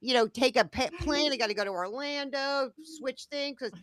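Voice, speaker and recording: A woman's voice: high-pitched, normal speed, a crowd in the background. A woman co-hosting a casual chat, telling a story animatedly and acting out the dialogue of the people in it. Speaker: co-host.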